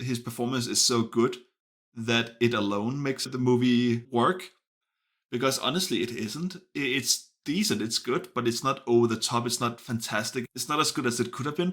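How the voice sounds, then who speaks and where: Guy rambling through a movie review, lots of restarts, mid pitch. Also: a bit bright. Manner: hesitant, frequent restarts and self-corrections. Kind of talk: casual spoken film review.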